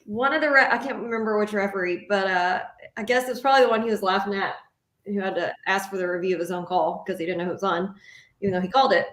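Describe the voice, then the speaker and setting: A woman's voice: mid-range voice, fast talker, a bit bright. A woman co-hosting a podcast, casually retelling funny moments from a radio broadcast of a game. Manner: storytelling, laughing retelling. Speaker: podcast co-host. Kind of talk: casual sports chat. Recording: roomy echo.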